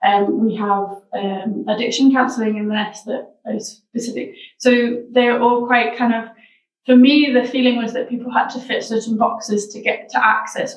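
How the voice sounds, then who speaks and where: Female interview guest, thoughtful and searching, slightly high voice, recorded in an echoey room. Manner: reflective, searching for words as she talks. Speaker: guest, founder of a wellbeing social enterprise. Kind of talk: casual interview chat. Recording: roomy sound, mic at a distance.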